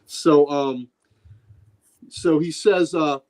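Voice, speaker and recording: A man's voice: a little high, steady tone, very slow, a little mellow. A middle-aged man hosting a podcast, retelling comic book scenes in casual, enthusiastic chat. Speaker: podcast host.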